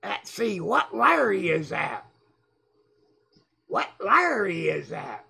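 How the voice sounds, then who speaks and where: A man with a drawl rants on his livestream, reading comments and taunting critics loudly. His voice is heavily gravelly and husky, slow-paced, and swings widely in pitch as he shouts. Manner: loud, mocking, excitable, often shouting. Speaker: livestream host. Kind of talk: casual livestream rant reading chat.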